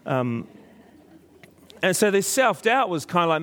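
A man's voice: sits high, big pitch swings, unhurried, fairly bright tone, big-room sound. A middle-aged man preaching a sermon as a pastor, telling stories animatedly and acting out quoted voices.

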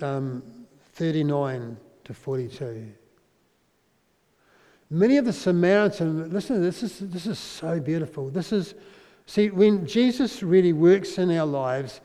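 A New man preaching a sermon in a storytelling way, his voice mellow and pitched a little high for a man. He goes soft and quiet at the tender parts. The sound rings with the long reverb of a big hall. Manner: storytelling, drops to a soft, quiet voice at emotional moments. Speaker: pastor.

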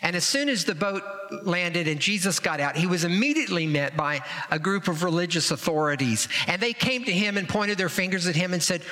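A man preaching a sermon as pastor, animated and dramatic in retelling the story. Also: brisk, few pauses. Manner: animated, acts out quoted voices with rising pitch. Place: church sanctuary. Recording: reverberant hall.

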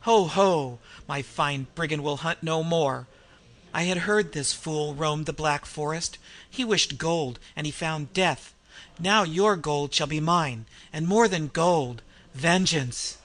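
A man voicing a murderous, insane male innkeeper who roars and booms with mad laughter. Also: slow, fairly bright tone. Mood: gloating. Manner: roaring, booming mad laughter.

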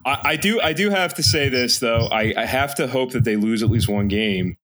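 A man with a Philadelphia accent, co-hosting a casual podcast in a loud, profane, ranting way. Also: medium pitch, moderate pace. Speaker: podcast co-host; teacher. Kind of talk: casual chat.

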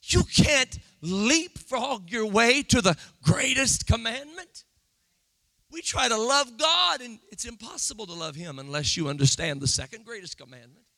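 Guy preaching, really high sharp voice, yells then drops way quiet. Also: lively intonation, dry recording. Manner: swings from shouted, drawn-out emphasis to low, quiet asides. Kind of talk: sermon.

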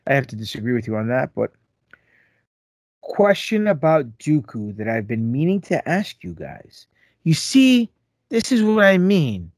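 A man's voice: mid-range voice, a little mellow, no room sound, clean studio sound. A man co-hosting a casual podcast, joking around and reading listener emails aloud. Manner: playful, sings and jokes, reads aloud with asides. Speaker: podcast co-host.

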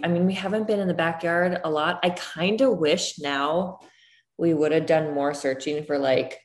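A woman's voice: sits low, a little mellow. A woman in her thirties chatting casually, full of "like" fillers. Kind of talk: casual chat. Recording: roomy echo.

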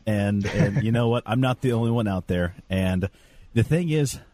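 A man with a fairly low voice chatting on a casual podcast. He teases his co-hosts playfully and often breaks into laughter. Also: moderate pace, mellow. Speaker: podcast co-host.

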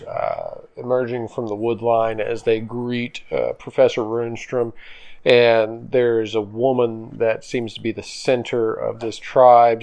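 A man's voice: lowish voice, vocal fry, a little mellow. Casual man running a tabletop game. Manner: casual, hesitant with fillers. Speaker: game master.

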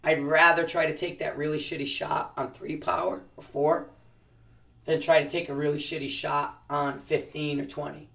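A man's voice: fairly high pitch, flat delivery, normal speed, creaky, bright, forceful tone, far from the mic. A man who teaches precision rifle shooting, answering interview questions casually and explaining with practical analogies, often restarting his sentences.

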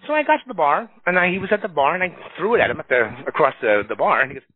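Animated middle-aged man on a tinny line. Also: sits high, fast talker, no echo. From New York. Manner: animated storyteller acting out quotes. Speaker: staffing recruiter, association leader. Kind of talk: casual podcast conversation. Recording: tinny phone-like dry sound.

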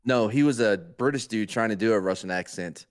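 A man's voice: fairly low pitch, a little fast. A man in casual podcast chat, blunt and jokey, swearing freely.

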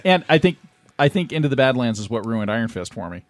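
A man's voice: medium pitch, fast talker, no echo. A man talking in a casual podcast chat, his voice rising and falling a lot. He swears freely and keeps cracking jokes about what he watches and plays. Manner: animated, swearing, jokey. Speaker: podcast co-host.

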